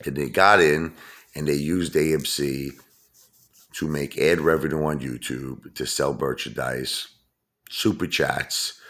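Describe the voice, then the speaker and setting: A man's voice: very deep voice, bright, forceful tone. A man hosting his own channel, talking straight to viewers in a brash, mocking, repetitive rant. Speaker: channel host. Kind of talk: ranting vlog monologue.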